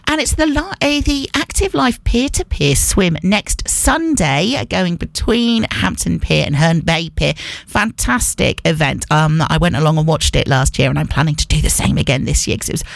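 A woman's voice: fairly low pitch, expressive, normal speed, creaky, no room sound. A woman presenting local radio, reading out event listings in a chatty way and joking about her own slips. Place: radio studio.

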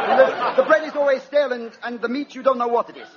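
A man playing a halting, deadpan film director. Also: extremely high pitch, pitched above the performer's own voice. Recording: dull lo-fi sound, noisy crowd.

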